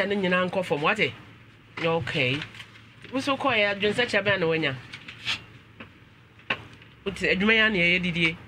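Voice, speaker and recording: A man's voice: high voice, noisy background. A man with a Ghanaian accent hosting a talk show, switching between English and Twi and exclaiming often.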